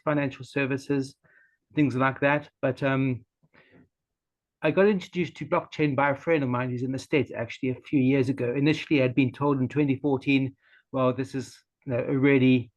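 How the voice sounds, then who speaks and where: A man's voice: medium pitch, dull audio. A man casually introducing himself on a video call, rambling and hesitant, with many fillers. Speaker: community call participant.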